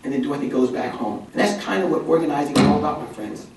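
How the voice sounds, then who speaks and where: Male organizer, slightly high voice, animated folksy storyteller, heard from far back in an echoey hall. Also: fast, hardly any pauses, a little hiss or hum. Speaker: community organizer giving a conference talk. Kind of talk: conference speech. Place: conference hall.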